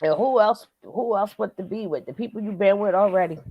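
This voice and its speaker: An older woman hosting her own channel, chatting casually with loud, animated bursts. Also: mid-range voice, fairly quick, breathy edge, no echo, highs cut off. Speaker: channel host. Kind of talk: casual commentary chat.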